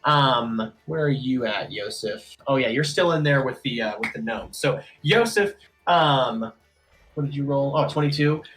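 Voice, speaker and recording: A man's voice: mid-range voice, lively intonation, unhurried, a bit bright, soft background music, poor audio. A man narrating as game master, casual, with many fillers.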